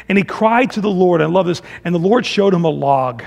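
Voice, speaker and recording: Male pastor, sermon, high voice, gravelly, dramatic swings from loud to hushed. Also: lively intonation, a little fast. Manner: dramatic, swings between loud emphasis and hushed low phrases; acts out the Israelites' complaints in a casual voice.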